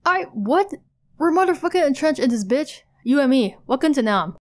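A brash teenage boy from a webcomic spins crude, rambling boasts in a chat log. A woman reads him aloud in a flat, plain delivery, with little change from her own voice. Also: high-pitched, moderate pace, pitched above the performer's own voice. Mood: boastful. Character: cocky teen boy rapping in chat.

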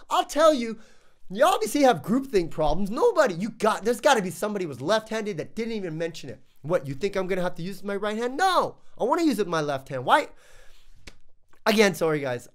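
A man's voice: sits high, big pitch swings, fairly quick. A man reviewing tech gear in a casual vlog, ranting with exasperation and stumbling over restarts.

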